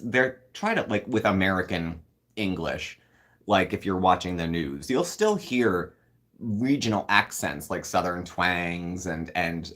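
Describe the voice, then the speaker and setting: A man with a low voice hosts a relaxed live-stream chat. He rambles from one thought to the next and answers viewer comments as they arrive. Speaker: host.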